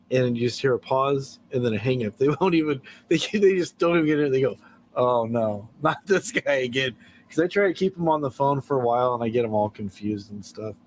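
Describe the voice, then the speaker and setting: A man's voice: mid-range voice, a little mellow, slight background noise, poor audio. A man hosting a casual late-night livestream, telling stories and chuckling often as he talks. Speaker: livestream host.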